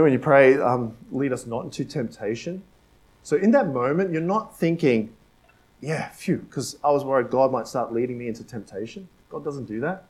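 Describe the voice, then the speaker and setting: A man delivers a sermon in a chatty, conversational way, his voice sitting a little higher than most men's. He keeps checking in with "right?" and repeats his key lines, sometimes dropping almost to a hush. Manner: conversational preaching with frequent "right?" and "like" asides; repeats key phrases for emphasis, drops to a hush at times. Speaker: pastor.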